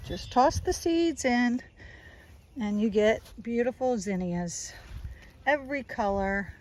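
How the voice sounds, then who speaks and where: A woman's voice: on the high side, animated, slow pace, darkish tone, rough recording. Chatty woman touring her garden outdoors. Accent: South Jersey. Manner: chatty, enthusiastic, points things out as she walks. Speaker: gardener giving a garden tour. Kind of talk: casual walking garden tour.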